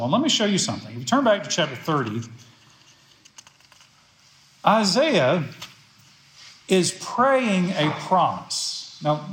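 A man's voice: high-pitched, big pitch swings, slow pace, long pauses, a bit bright, slight background noise. A man preaching a sermon as pastor, emphatic and repeating phrases for stress. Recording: echoey room.

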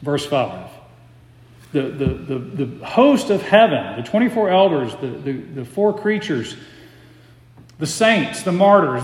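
A man preaching an expository sermon as pastor, measured and emphatic, slowing down to stress key phrases. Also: sits high, lively intonation, roomy sound, in a large hall.

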